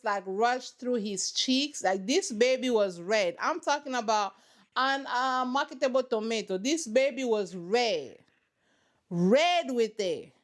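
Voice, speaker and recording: A woman with a fairly high voice hosts a reaction channel, sitting on her couch at home and delivering sassy, dramatic running commentary on a reality show.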